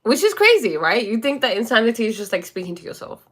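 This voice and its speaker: A woman's voice: a little high, expressive, quick pace, fairly bright tone. A woman life coach chatting casually on a livestream, rambling with many fillers and answering viewer comments.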